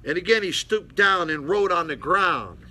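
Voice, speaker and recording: A man's voice: sits high, expressive, normal speed, sharp tone. An older man, a pastor, preaching bluntly to a small mission congregation and calling out to his listeners. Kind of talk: folksy preaching Bible study.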